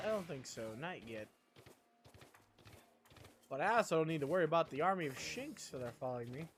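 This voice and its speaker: A man's voice: fairly high pitch, sing-song, a little fast, long pauses, a little hiss or hum. A man streaming a video game, rambling playfully to himself as he plays. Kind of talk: casual gameplay commentary.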